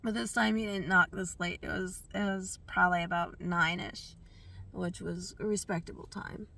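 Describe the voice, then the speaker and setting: A woman's voice: lowish voice, steady tone, normal speed, creaky, bright, forceful tone, far from the mic. A woman vlogger telling a personal story in a rambling, candid way, with lots of fillers and restarts.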